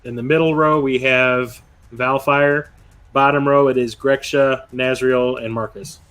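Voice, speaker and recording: A man narrating as game master of a tabletop game, laid-back and quick to laugh. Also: mid-range voice, fairly even intonation, a bit bright.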